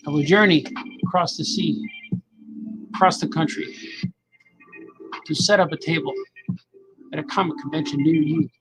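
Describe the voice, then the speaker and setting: A man's voice: a little high, moderate pace, long pauses, over music, rough recording. A man rambling and joking to himself while drawing, calling everyone "man". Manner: talks to himself, musing and joking, says "man" often. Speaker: cartoonist drawing on camera.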